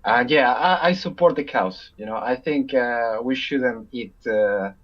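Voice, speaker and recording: A man's voice: mid-range voice, unhurried, highs cut off. A man stopped on the street, talking in an agreeable, hesitant way with many fillers. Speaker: passerby.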